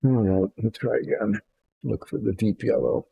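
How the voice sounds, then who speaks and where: Gravelly low-voiced man, rambling. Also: normal speed, narrow, tinny audio, a little hiss or hum. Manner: rambling, self-deprecating, indecisive. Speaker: miniature painting host. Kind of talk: relaxed hobby chat while painting.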